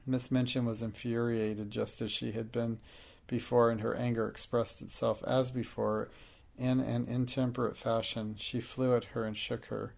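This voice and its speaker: A man narrating an audiobook in a steady, measured way. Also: mid-range voice, gravelly.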